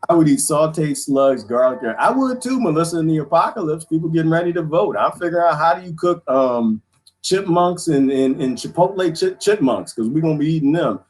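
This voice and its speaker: Male streamer, lively pitch that swings a lot, casual slangy storyteller who cracks himself up. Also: moderate pace. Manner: animated storytelling, crude joking, laughs often. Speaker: live stream host. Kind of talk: casual chat with viewers.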